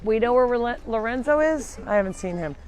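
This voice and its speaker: A woman's voice: a little high, expressive, a little fast, a crowd in the background. A woman hosting a live farm sanctuary tour. She talks to viewers in a chatty, rambling way as she walks outdoors between the pens, recorded on a handheld mic. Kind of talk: casual live-stream tour narration.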